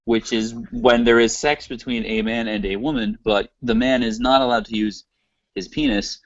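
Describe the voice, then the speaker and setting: A man's voice: mid-range voice, fairly even intonation, normal speed, dry recording. A man doing improv comedy banter, playful and laughing often. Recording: dry lo-fi recording.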